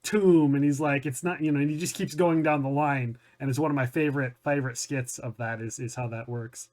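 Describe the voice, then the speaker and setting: A man hosting a casual podcast interview, easygoing and quick to laugh, often restarting his sentences. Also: medium pitch, fairly even intonation, a little mellow. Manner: easygoing, laughs a lot, stumbles over words. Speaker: podcast host.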